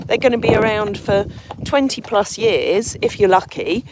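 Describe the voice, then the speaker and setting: A woman's voice: medium pitch, lively intonation, moderate pace. Rambling woman host on a noisy stream. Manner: rambling, repeats words, many fillers. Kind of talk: casual live-stream chat.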